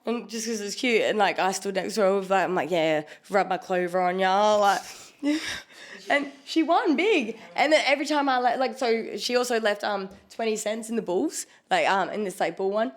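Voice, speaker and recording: A woman's voice: medium pitch, moderate pace. A young Australian woman chats on a podcast. She teases, giggles a lot, and rambles through her stories. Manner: giggly, teasing, chatty. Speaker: guest, karaoke host and skimpy. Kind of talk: casual chat.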